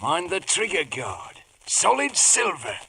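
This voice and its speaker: Wily pirate sea cook, raspy, bright and lively, old radio-drama style. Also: male voice, sits high, slow pace, slight background noise, full character voice. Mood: wheedling. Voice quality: gravelly West Country pirate brogue. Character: hearty scheming one-legged pirate cook, male. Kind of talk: 1950s radio drama acting.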